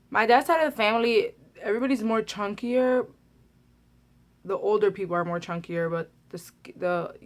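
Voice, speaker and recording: A young adult woman telling a personal story to her vlog camera in a casual, chatty way, full of "like" fillers. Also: medium pitch. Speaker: beauty vlogger.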